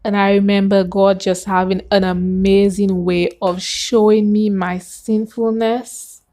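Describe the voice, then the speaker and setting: Woman telling her faith story, earnest, lots of feeling, normal pitch. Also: a little slow. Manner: earnest and animated, with gasps and acted-out quotes. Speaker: vlogger sharing her faith testimony. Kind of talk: personal testimony storytelling.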